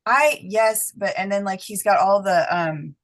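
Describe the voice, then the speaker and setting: A woman's voice: mid-range voice, measured pace. A woman talking casually as a coaching client, hesitant, with lots of fillers and restarts. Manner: hesitant, filler-heavy speech. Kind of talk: casual conversation.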